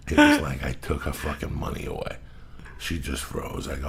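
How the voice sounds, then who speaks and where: Gravelly, profane, very low-voiced man. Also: a little fast, slight background noise. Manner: profane, animated, blunt. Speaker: podcast host. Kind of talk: profane storytelling rant.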